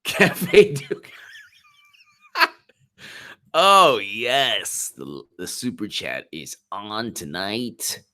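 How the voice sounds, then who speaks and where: A man's voice: lowish voice, big pitch swings, very slow, long pauses, pushed and bright. A man hosting a political livestream, reacting to polls and chat with frequent giggles and mockery. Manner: giggly and mocking, often laughing. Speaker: political commentary livestream host. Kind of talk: live commentary, reading chat.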